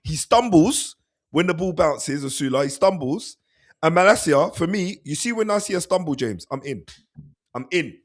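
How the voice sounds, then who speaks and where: A man co-hosting a football podcast, talking fast and animated, acting out players' thoughts and laughing often. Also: a little high. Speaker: podcast co-host. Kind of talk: casual football chat.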